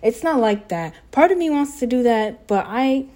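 A teenage girl who is a high school student, rambling and oversharing in a casual confessional vlog at home, sarcastic and full of fillers. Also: animated, moderate pace, warm tone. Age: teens. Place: home living room.

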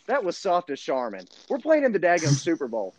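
A young man co-hosting a sports podcast, debating a game with incredulous, animated energy. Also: on the high side, a little fast, a loud crowd. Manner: excitable, incredulous, rising to near-shouts when riled. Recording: dull lo-fi sound.

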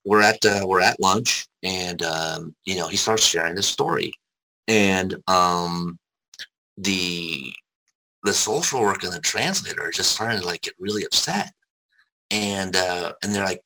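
A man telling his life story in casual conversation, candid and rambling, swearing freely, with a gravelly, husky voice. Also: low-pitched, a little slow, pushed and bright, rough recording.

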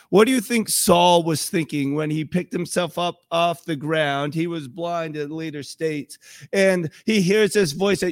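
A man's voice: a little high, measured pace, no echo, studio quality. A man preaching a sermon in a conversational way, often acting out quoted voices. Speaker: pastor.

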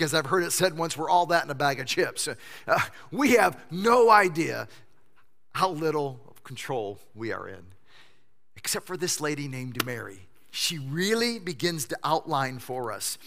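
Man, pastor, animated sermon storytelling, forceful tense tone, long church hall reverb. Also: a little high, normal speed. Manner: animated storytelling preacher who acts out quotes. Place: church sanctuary.

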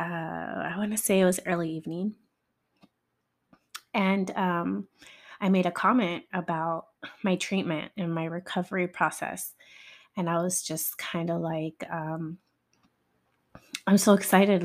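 A woman telling a personal story in a halting, candid way, with many fillers and pauses. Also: lowish voice. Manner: candid, occasionally swearing. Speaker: survivor sharing her story.

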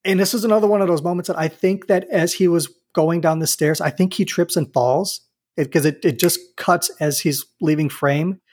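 A man with a slightly higher, husky voice chatting casually on a podcast. He retells things in a rambling, amused way, doubling back on his words as he goes. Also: steady tone, normal speed, darkish tone. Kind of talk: casual chat.

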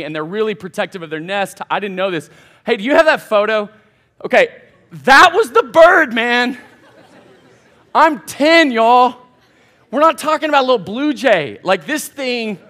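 A man, a college pastor telling a casual, animated story in a sermon to young adults. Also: sits high. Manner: folksy, animated, addresses crowd as y'all. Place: church hall.

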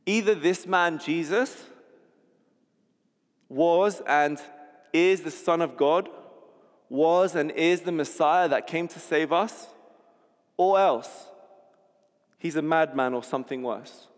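A man's voice: on the high side, slow pace, long pauses. Man preaching in a reverberant hall. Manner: vivid storytelling, repeats words when restarting. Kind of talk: sermon.

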